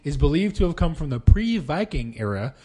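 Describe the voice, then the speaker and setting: A man's voice: on the high side, very animated, fairly quick, dark tone. Dry, teasing man podcast co-host. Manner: dry, teasing, crude banter. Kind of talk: casual chat, reading out a news story.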